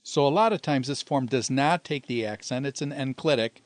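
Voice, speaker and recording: A man teaching grammar at a methodical pace, slowing down to spell out each form. His voice sits at an ordinary middle pitch. The sound is dry and close, with no room around it. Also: dry recording. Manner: patient, methodical explaining, slowing to spell out forms. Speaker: Greek teacher. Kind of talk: recorded grammar lecture.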